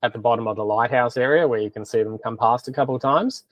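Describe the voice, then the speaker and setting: A man's voice: mid-range voice, fast talker, no room sound. A man co-hosting a podcast, chatting in a laid-back, matey way. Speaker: podcast co-host. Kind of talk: casual chat.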